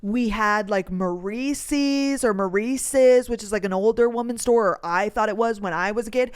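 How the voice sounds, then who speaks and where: A woman's voice: fairly high pitch, moderate pace, smooth. A young woman from North Dakota, hosting a podcast and telling stories in a rambling, casual way, full of "like" and the odd swear word. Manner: rambling, heavy use of "like", swears freely. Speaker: podcast host. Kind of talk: casual storytelling chat.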